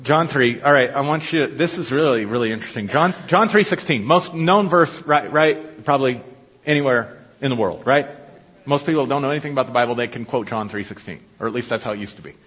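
A man's voice: mid-range voice, fairly quick, a bit bright, slightly rough. A man preaching a sermon to his congregation, teaching in a conversational way and often asking them questions. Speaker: pastor. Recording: dull lo-fi audio with long hall reverb.

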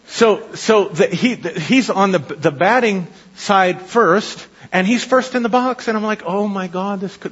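A middle-aged man preaching a sermon, telling stories in an animated way, laughing often and repeating words as he goes. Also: a little high, breathy edge. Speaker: pastor. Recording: dull lo-fi audio with long hall reverb.

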